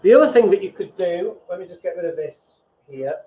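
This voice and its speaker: A man's voice: high voice, expressive, brisk. A man hosting a business show, talking bluntly and mocking himself, now and then mimicking people in sing-song voices. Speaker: business coach and show host. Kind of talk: casual motivational talk to viewers. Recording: echoey room over a phone-like thin line.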